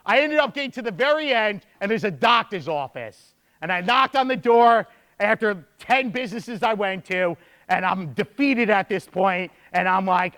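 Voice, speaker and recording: A man's voice: sits high, moderate pace. A young man giving a motivational speech to a room of students, telling stories with energy and repeating points for emphasis. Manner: energetic storytelling with emphatic repetition. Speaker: speaker addressing students.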